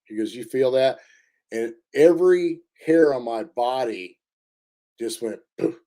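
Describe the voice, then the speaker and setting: A man telling a story in a casual interview, halting often with fillers and restarts. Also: mid-range voice, lively intonation, warm tone. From Indiana. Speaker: interview guest.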